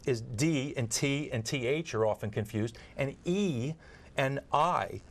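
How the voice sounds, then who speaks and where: This man has a mid-range voice and talks a little slowly. Interviewed as a guest expert on training nurses to communicate, he earnestly explains with examples, frequently repeating words as he starts over.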